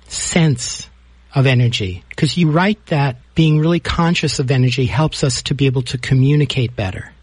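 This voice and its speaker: Casting: male interviewer, mid pitch, husky, dry close sound. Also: no room sound. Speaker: interviewer host. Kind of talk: interview questions.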